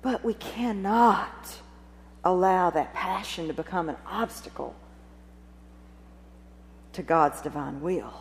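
A woman preaching a sermon, retelling a scene with expressive, dramatic storytelling and rhetorical questions. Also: lowish voice, slow pace, long pauses. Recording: long reverb of a large hall.

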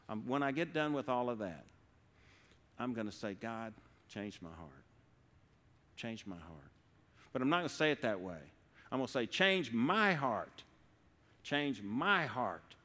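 A man giving an earnest devotional talk at a church service, halting and restarting as he speaks slowly. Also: fairly low pitch, big-room sound. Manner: earnest, halting, with frequent restarts and slow pauses. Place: church sanctuary.

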